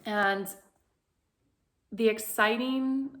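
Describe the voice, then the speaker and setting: A woman voice coach leading a guided vocal exercise lesson, speaking in slow, soothing instructions and singing vowel sounds to demonstrate. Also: on the high side, fairly even intonation, a bit bright.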